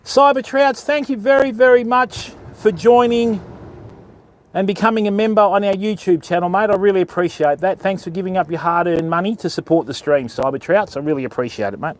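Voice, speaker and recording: A man's voice: high voice, brisk. An Australian man hosting a live fishing stream outdoors, chatting as he rigs his line and greets viewers in chat by name. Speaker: fishing livestream host. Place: outdoors on a beach.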